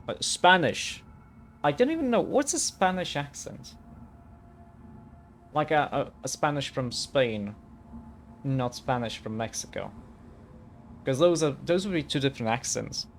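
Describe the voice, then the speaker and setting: A man's voice: mid-range voice, very animated, a little slow, pauses often, a little hiss or hum. Young man musing over gameplay. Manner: rambling, musing aloud, lots of fillers. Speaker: let's play commentator. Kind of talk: casual gaming commentary.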